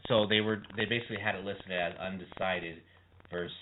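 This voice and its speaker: A man co-hosting a podcast in casual sports chat, quick to chime in and often trailing off mid-thought. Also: sits low, fairly even intonation. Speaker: podcast co-host. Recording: tinny phone-like line with faint noise.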